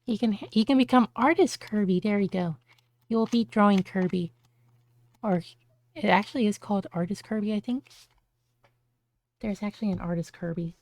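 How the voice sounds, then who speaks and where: A woman's voice: medium pitch, moderate pace, long pauses, a little mellow, no room sound. A woman streamer chatting casually on a live stream, bubbly, with cutesy baby-talk words.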